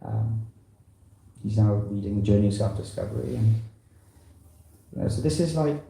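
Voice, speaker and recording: Man, visiting preacher, loose conversational talk, very dark tone, echoey temple room. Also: on the low side, moderate pace, creaky. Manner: rambling and conversational, full of "you know". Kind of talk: informal talk to a temple congregation. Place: temple hall.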